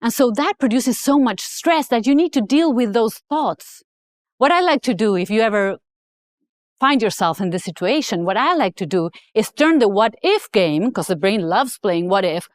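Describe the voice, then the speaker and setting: A woman's voice: a little high, sing-song, normal speed, no room sound. A middle-aged woman giving a motivational talk, acting out her own story with energy. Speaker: speaker.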